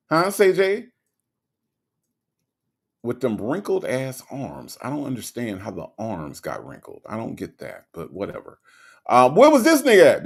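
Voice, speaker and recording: A man hosting a casual livestream, greeting viewers by name and reading their comments aloud. He talks in a relaxed way that swings between quiet mumbles and sudden loud bursts. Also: mid-range voice, gravelly. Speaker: livestream host.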